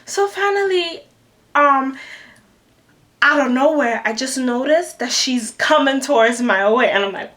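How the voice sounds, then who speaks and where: A young woman in a storytime vlog, animated and acting out the people she quotes. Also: sits high, a little slow. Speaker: vlogger. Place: New York City.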